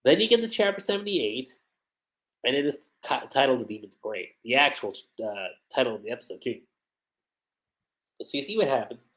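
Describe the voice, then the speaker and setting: Guy recapping an anime on stream, super lively voice, quotes the characters as he goes. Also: mid-range voice, a little fast, pauses often, poor audio. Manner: animated, retells scenes quoting characters. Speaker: anime reviewer. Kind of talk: casual livestream recap.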